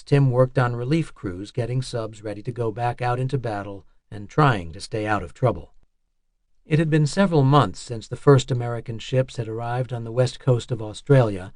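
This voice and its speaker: A man reading a nonfiction audiobook in a measured, even narration style. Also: mid-range voice, dry recording, studio quality.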